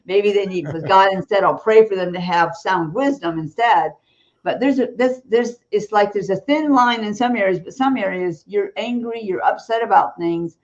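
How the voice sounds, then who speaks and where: A woman speaks bluntly and with emphasis, giving spiritual teaching as a guest on a talk show. Her voice sits at a medium pitch and often breaks into short laughs between points. The recording sounds a little dull and lo-fi. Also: moderate pace. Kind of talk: blunt preaching-style talk.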